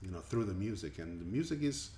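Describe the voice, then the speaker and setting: Brief: male musician from Colombia, interview guest, very low voice, earnest and reflective, roomy recording. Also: lively intonation, fast, dark tone. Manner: thoughtful, earnest, repeats words as he goes. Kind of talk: interview answers. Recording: echoey room with faint ambient noise.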